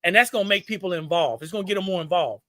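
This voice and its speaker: A man with a Southern US accent gives folksy, preachy business advice on a live stream, repeating his points and calling his viewers y'all. His voice sits high for a man and rings bright. The room sounds dry and close. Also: racing, dry recording.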